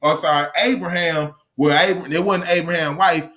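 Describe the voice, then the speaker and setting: A fairly high-voiced man delivers a profane opinion monologue straight to his audience. His tone is bright and forceful as he lectures bluntly and circles back to repeat his points for emphasis. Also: fairly even intonation, normal speed. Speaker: commentary channel host.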